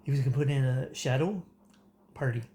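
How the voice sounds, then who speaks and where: A Canadian political commentator rants casually to the camera in a mid-range, dark-toned voice that moves a little fast. He rambles, filling his speech with fillers and restarts, and keeps breaking into laughter.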